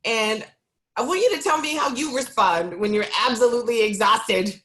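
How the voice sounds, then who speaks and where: A woman's voice: fairly high pitch, fairly bright tone. Candid, exhausted woman on a video call. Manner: candid, emotional, breaks into laughs, halting with many ums. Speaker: city council member.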